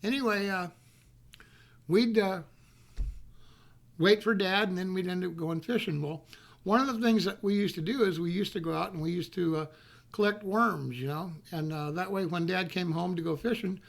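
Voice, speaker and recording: A man from North Carolina with a high, creaky voice tells a rambling, folksy story about his childhood at a moderate pace. He often repeats himself as he goes.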